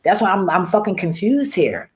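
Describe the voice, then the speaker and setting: A woman's voice: medium pitch, big pitch swings, normal speed. A woman vlogger ranting casually to camera in a blunt, profane way, often laughing at her own remarks. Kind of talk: casual rambling rant to camera.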